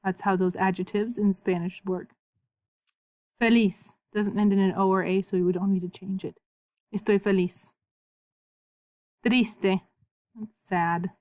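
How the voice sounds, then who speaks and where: Her pitch medium and her tone somewhat dark, a woman with fairly even intonation teaches Spanish in a recorded video. She repeats words slowly and patiently for learners to imitate, and the recording is dry.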